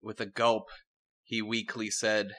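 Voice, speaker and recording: Bright-voiced man narrating a comic tale. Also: fairly low pitch, takes it slowly. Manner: wry, deadpan narration with frequent laughs. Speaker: narrator and storyteller. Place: podcast recording with friends.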